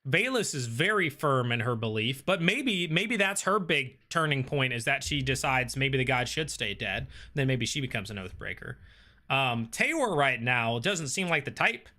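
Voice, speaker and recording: Guy on a stream reading chat out loud, bright voice, lots of ums and uhs. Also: mid-range voice, very animated, moderate pace. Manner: reads viewer comments aloud and answers with frequent fillers. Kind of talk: casual livestream chat.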